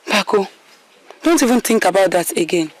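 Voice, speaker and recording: An actress playing a kind, protective young princess in a Nigerian film drama, speaking with a Nigerian accent. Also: female voice, mid-range voice, lively intonation, normal speed, a little hiss or hum, lightly acted. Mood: gentle.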